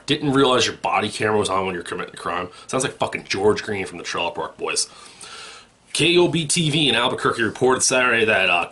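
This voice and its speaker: A man's voice: fairly low pitch, bright, forceful tone. A man hosting a parody news show, reading stories and breaking into profane, mocking rants.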